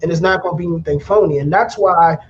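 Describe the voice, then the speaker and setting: A man's voice: on the high side, quick pace. A man hosting a podcast, easygoing and agreeable, chatting casually with his guest. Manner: laid-back and agreeable, with many affirming yeahs. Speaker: podcast host. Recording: dull lo-fi line with faint noise.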